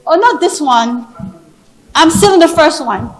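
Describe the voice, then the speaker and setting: High-voiced woman teaching like a classroom teacher. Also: a little slow, rough recording. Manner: animated, teacherly, repeats words for emphasis. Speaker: speaker teaching pronunciation. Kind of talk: interactive classroom-style talk. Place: conference hall.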